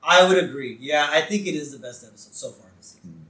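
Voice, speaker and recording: A man's voice: fairly high pitch, quick pace. A man co-hosting a podcast, chatting casually and laughing as he recaps a cartoon episode. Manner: animated, laughing, quotes lines in put-on voices. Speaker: podcast co-host. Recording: echoey room, a bit off-mic.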